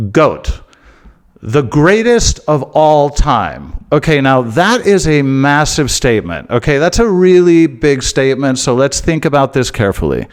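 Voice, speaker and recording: An American man hosts his own football channel in a casual, opinionated monologue. His voice is smooth and resonant at an ordinary pitch. He leans on his points emphatically, repeating himself and filling gaps with "uh" and "okay".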